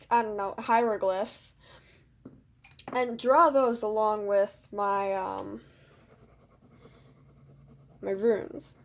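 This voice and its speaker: A woman's voice: medium pitch, a little mellow, slight background noise. A teenage girl casually telling a story about school. She rambles, fills her talk with "like" and "you know", and makes fun of herself. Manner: rambling, full of "like" and "you know", self-mocking. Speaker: student vlogger.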